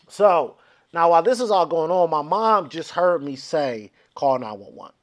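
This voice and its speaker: Animated high-pitched man telling a story. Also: a little fast. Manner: animated storyteller, acts out quotes, swears freely. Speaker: comedian guest. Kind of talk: storytelling on a comedy podcast.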